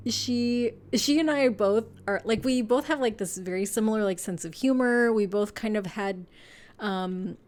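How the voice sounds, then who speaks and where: A woman's voice: mid-range voice, a little mellow. A woman giving a casual pick-a-card tarot reading, chatty and meandering, with lots of fillers, frequent laughter and casual swearing. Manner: laughs often while talking.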